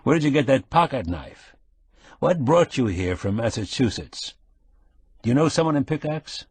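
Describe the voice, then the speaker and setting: A man voicing a shrewd, avuncular middle-aged man who speaks steady and probing, in an audiobook. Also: mid-range voice, normal speed, slightly rough, dry recording, pitched above the performer's own voice. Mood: stern concern.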